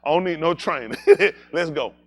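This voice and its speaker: A man preaching, telling animated, jokey stories and slipping into high-pitched voices for characters. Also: normal speed, vocal fry. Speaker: pastor. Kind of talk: comedic storytelling sermon.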